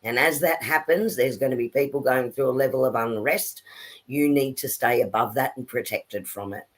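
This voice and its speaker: A woman's voice: a bass voice, moderate pace. A woman co-hosting a live spiritual chat, talking in an earnest, encouraging way and reading out viewer comments. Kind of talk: casual live-stream talk.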